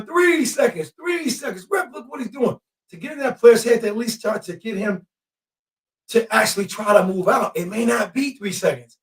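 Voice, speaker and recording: Excitable high-voiced man calling a game. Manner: excitable, shouts at the refs and players. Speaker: podcast host. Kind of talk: live game-watching commentary. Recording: echoey room, mic at a distance.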